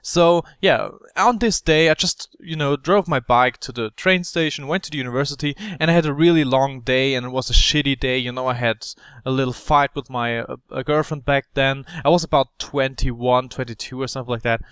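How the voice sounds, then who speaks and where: A man's voice: mid-range voice, a little fast, few pauses, clean tone, no room sound. Young male gaming commentator; rambling, filler-heavy storyteller with a clean, close sound. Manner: rambling, animated, with many fillers. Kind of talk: casual storytelling over gameplay.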